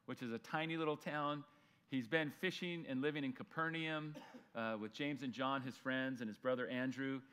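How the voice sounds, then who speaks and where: A man's voice: a little high, bright, forceful tone, clear, resonant tone. Casual-talking male pastor. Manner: conversational, acts out voices of people in the story. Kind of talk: sermon.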